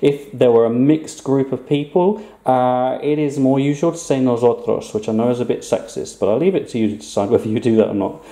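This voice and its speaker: Chatty teacher with mellow tone. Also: male voice, medium pitch, brisk, hardly any pauses, echoey room. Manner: chatty, playful teacher, asks rhetorical questions. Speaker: Spanish teacher. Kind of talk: recorded online language lesson.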